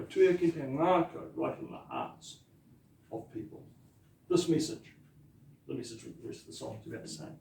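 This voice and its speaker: Gravelly New man teaching, echoey room. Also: on the high side, dark tone, far from the mic. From New Zealand. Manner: chatty, laughing asides, repeats words slowly for pronunciation. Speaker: pastor teaching te reo Māori. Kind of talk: informal language lesson.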